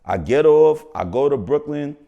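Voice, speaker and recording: A New York actor guesting on a podcast tells casual stories in a gravelly voice on the high side, at normal speed with phone-quality sound. He's slangy and animated, acting out the voices he quotes.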